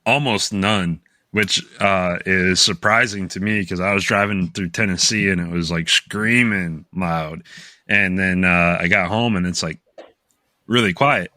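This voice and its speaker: A man talks in a laid-back podcast chat, chuckling between lines. His deep voice sounds bright and forceful, and the recording is dry and close. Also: fairly even intonation, normal speed, dry recording. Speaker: podcast co-host. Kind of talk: casual chat.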